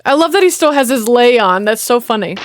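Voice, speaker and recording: A woman's voice: fairly high pitch, expressive, brisk, background noise. A woman, chatting casually and talking back at a movie as she reacts to it. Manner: chatty, exclaiming, talks back to the screen. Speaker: reaction video host.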